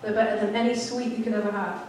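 A woman's voice: mid-range voice, little pitch movement, fast, a little mellow, a little hiss or hum. A woman giving a sermon, telling a candid, self-deprecating story about her childhood. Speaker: church speaker. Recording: echoey hall, mic at a distance.

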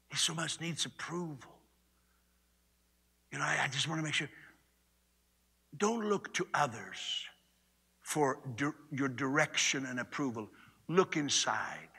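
A man preaching a sermon in a conversational way, swinging between loud and hushed delivery. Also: high voice. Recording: long reverb of a large hall.

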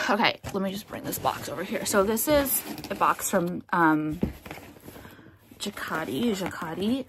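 A woman's voice: mid-range voice, expressive, noisy background. Swearing American woman vlogger. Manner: swearing, rambling, lots of "like", quick to outrage. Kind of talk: casual haul vlog.

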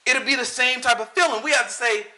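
A man giving a casual, animated sermon to a small group, slipping into impressions of other pastors. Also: very high-pitched, fast talker. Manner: animated, talks to the room, mimics pastors. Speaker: preacher.

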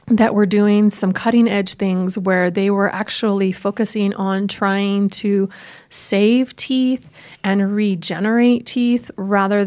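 Animated woman telling a story with laughs. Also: mid-range voice. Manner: animated, laughs often, acts out quoted voices. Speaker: podcast co-host. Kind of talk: casual conversational storytelling.

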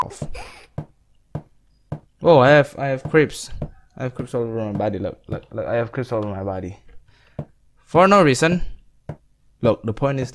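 A young man giving rambling let's-play commentary, yelling at the characters on screen. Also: fairly low pitch, slight background noise. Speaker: gaming commentator.

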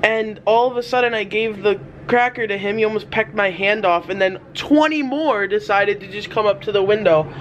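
A man's voice: high voice, normal speed, hardly any pauses, fairly bright tone, low-quality recording. A young man vlogging casually at the seaside, joking around and breaking into laughs. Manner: laid-back, jokey, breaks into laughs. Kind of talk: casual vlog chat. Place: seaside hotel and beach, outdoors.

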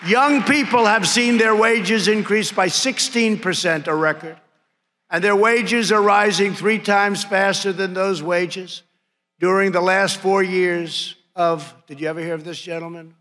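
Speaking slowly in a high-pitched, sharp voice, this seventy-something man mocks and boasts through a political rally speech, repeating his punchlines and throwing out nicknames at a podium mic. The setting is a large conference hall full of people, captured with hall reverb, crowd sounds and room noise.

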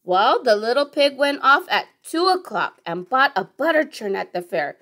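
A woman teacher reading a children's storybook aloud, expressive and asking little questions along the way. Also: sits high, moderate pace. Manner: expressive, gasping with surprise, asks questions.

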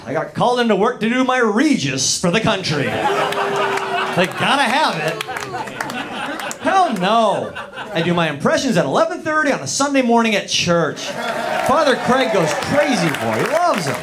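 A man performing stand-up in a bar's back room, his voice sitting a little high and swinging up and down with plenty of life. He rambles through small-town stories and keeps turning to the crowd. Laughter from a live audience rolls in around him. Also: sing-song, normal speed. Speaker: stand-up comedian. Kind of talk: stand-up comedy.

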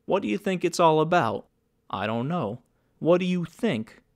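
Talkative taunting hit man, slightly high voice, as a male reader puts him on. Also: very animated, normal speed. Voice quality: sneering, mocking.

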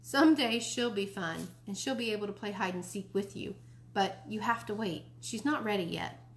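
A woman's voice: mid-range voice, normal speed, slight background noise, close to an everyday voice. Lady reading, doing a stressed-out mom, urgent and scolding. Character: frazzled, anxious mother of three. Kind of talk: read-aloud storybook.

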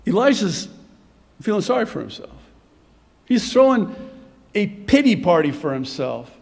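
A man preaching a sermon in an animated way, dropping to a whisper for dramatic effect. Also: high-pitched, unhurried, vocal fry, long reverb tail. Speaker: pastor.

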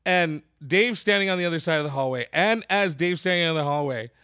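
A podcast host with a brisk, clear, resonant voice on the high side tells a long comedy anecdote in casual storytelling style. He's animated and profane, acting out the voices of the people in the story.

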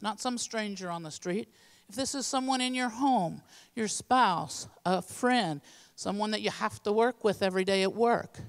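A woman's voice: medium pitch, in a large hall. A woman giving a midweek church teaching in an earnest, plainspoken, practical way. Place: church sanctuary.

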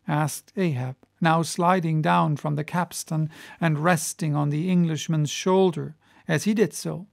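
A man narrating a classic novel in an audiobook with measured, deliberate reading. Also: on the high side, steady tone, gravelly.

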